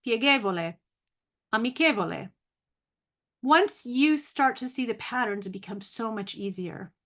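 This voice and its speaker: A woman's voice: on the high side, expressive, moderate pace, fairly bright tone. Woman teaching vocabulary, thinking aloud. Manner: thinking aloud, self-correcting, laughs at own slips; careful, spelled-out pronunciation of long words. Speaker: language teacher. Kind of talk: casual video lesson.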